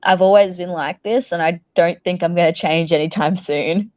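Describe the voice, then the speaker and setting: A woman's voice: on the low side, moderate pace, a little mellow, dry recording, dull audio. A young Australian woman, a professional wrestler being interviewed, tells stories casually, laughing often and swearing freely.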